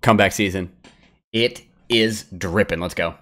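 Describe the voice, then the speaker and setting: A young man giving crude, excitable live commentary while he plays a video game, trash-talking and yelling at the screen. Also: low voice, moderate pace. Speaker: gaming streamer.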